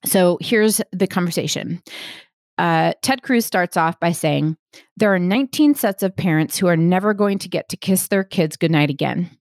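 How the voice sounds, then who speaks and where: A woman's voice: lowish voice, lively intonation, normal speed, darkish tone, dry recording, clean studio sound. A woman hosting a solo podcast, reading quotes aloud and then breaking them down point by point, often checking in with "right?". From Texas, United States. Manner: explains step by step, checks in with "right?" and "okay?". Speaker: podcast host and coach.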